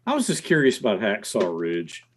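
Animated man guest telling stories. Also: on the low side, a little fast, a little hiss or hum. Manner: animated, jumps in, mimics voices in anecdotes. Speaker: podcast guest. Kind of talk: casual chat, storytelling.

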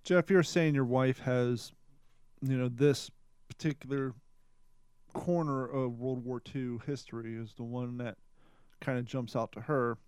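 Clear-voiced guy thinking out loud on a podcast, mid pitch, dry close mic. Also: fairly even intonation, measured pace, dry recording. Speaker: podcast co-host. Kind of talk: casual podcast discussion.

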